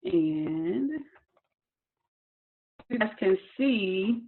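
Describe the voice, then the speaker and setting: A woman's voice: mid-range voice, animated, drawn-out words, phone-quality sound. A woman from Atlanta with a Southern accent, teaching trading in a live online webinar in a chatty, upbeat, encouraging way and speaking straight to her viewers over a video call. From Atlanta, Georgia. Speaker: trading instructor.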